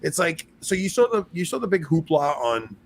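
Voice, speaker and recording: A man's voice: a little high, very animated, moderate pace, a little hiss or hum. A young man co-hosting a podcast in casual chat, rambling and self-mocking with frequent laughs. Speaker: podcast co-host.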